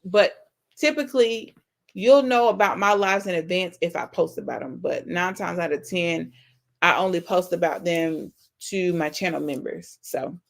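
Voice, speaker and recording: A woman's voice: fairly low pitch, creaky. A woman hosting a casual live-stream Q&A. She reads out viewer comments and answers them in an earnest, affectionate, faith-filled way. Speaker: YouTube channel host.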